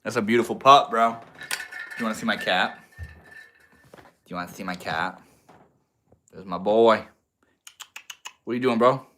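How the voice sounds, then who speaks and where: A man's voice: fairly low pitch, moderate pace, pauses often, fairly bright tone, a little hiss or hum. A young man hosting a livestream, chatting casually with viewers in a laid-back, slangy way. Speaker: livestream host.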